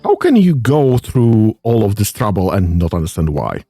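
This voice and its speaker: Casting: a male game streamer, casual, hesitant, with a very lively pitch. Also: normal speed, breathy edge, no echo, soft background music. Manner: thinking aloud, hesitant, full of ums. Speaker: gaming streamer. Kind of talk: casual let's-play commentary.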